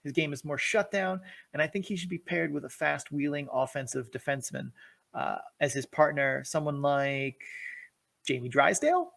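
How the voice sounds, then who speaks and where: Higher-voiced man, upbeat podcast co-host. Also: moderate pace, gravelly, fairly bright tone. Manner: reads prepared notes with eager enthusiasm. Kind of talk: hockey analysis podcast.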